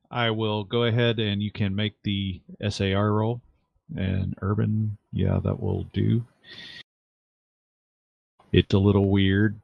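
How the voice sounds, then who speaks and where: A man's voice: lowish voice, gravelly, no room sound. A man running a tabletop game as game master, thinking aloud with fillers and wry asides. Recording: dull lo-fi dry mic.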